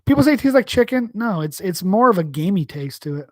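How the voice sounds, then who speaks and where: A man's voice: high-pitched, very animated, quick pace, no room sound, clean studio sound. A man from New York hosting a live stream, chatting casually and answering chat in a rambling, profane, slangy way. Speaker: livestream host.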